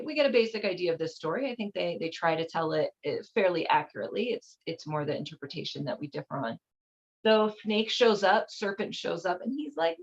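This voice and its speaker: A woman hosting a show, talking in a chatty, irreverent way with lots of fillers. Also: medium pitch. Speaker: host. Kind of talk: casual commentary. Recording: slightly dull lo-fi audio.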